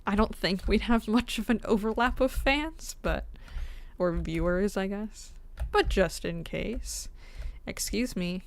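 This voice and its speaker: A woman's voice: mid-range voice, slow, vocal fry, long pauses. Giggly chatty woman streaming a game. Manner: chatty, giggly, self-mocking. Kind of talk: casual gaming stream commentary.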